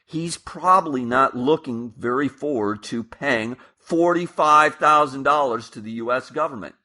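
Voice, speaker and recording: A man's voice: medium pitch, unhurried, sharp tone. A man hosting a personal finance channel, talking casually and emphatically through tax ideas, with asides and restarts. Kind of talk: casual explainer monologue.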